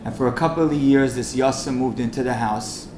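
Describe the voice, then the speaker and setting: A rabbi telling a story and then pleading passionately with the room at a fundraising event. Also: male voice, mid-range voice, a little fast, darkish tone. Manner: impassioned, rising to urgent pleading. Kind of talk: storytelling speech and charity appeal. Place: event hall. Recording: echoey hall with faint noise.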